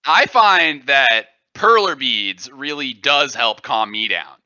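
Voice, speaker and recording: A man co-hosting a silly comedy podcast, his voice very bright and forward. He rambles and hunts for words, padding with ums and uhs. The sound is dull and lo-fi, close and dry. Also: mid-range voice, lively intonation, takes it slowly, dry recording. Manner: rambling, gropes for words with fillers. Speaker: podcast co-host. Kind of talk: goofy comedic podcast banter.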